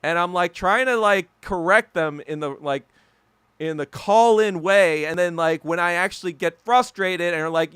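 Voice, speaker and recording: A man's voice: sits high, moderate pace, a bit bright, clear, resonant tone, no echo. A man hosting a podcast alone, ranting in a heated, profane, emphatic way. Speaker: podcast host. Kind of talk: solo ranting commentary.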